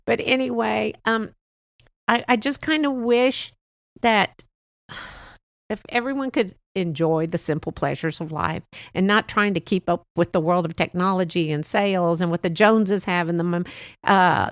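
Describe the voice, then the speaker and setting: A woman in her sixties hosts her own podcast, drifting from thought to thought in a heartfelt, chatty way. Her mid-range voice has a gravelly edge, and the sound is close and dry with no room around it. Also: medium pitch, no room sound. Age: 60s. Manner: rambling, heartfelt, prone to chuckles. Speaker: podcast host. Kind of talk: casual solo podcast monologue.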